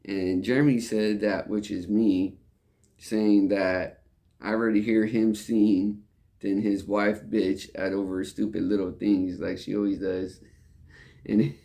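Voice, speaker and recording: A man's voice: fairly low pitch, dark tone. A young man who works in a restaurant, telling a rambling, repetitive story in casual talk. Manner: rambling, repeats "and all that stuff".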